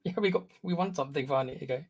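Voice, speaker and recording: A man's voice: a little high, rapid-fire, gravelly, darkish tone. A man co-hosting a casual fan live stream, teasing and bantering with his co-host. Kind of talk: casual chat.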